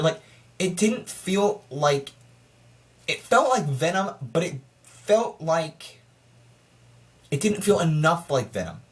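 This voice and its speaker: An excitable reviewer talks through a film in a loose, casual vlog style. Sentences often stall and restart with stammered repeats. The voice sits at an ordinary middle pitch and keeps piling up frustrated questions. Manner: frustrated, rhetorical, asks itself questions.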